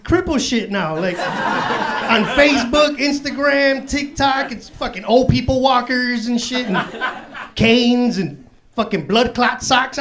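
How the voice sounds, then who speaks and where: Stand-up comic, man in his forties, high voice, laid-back and profane, live club set with a crowd roaring behind him. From Chicago south side. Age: 40s. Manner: profane, laid-back street talk, laughing through punchlines. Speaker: stand-up comedian. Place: comedy club stage. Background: audience laughter.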